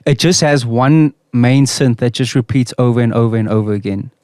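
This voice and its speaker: A man's voice: mid-range voice, a little fast, darkish tone, dry recording, studio quality. A man from South Africa co-hosting a casual podcast, telling stories and laughing often. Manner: storytelling, laughing often, says bro a lot. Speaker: podcast co-host. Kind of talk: casual chat. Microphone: studio mic.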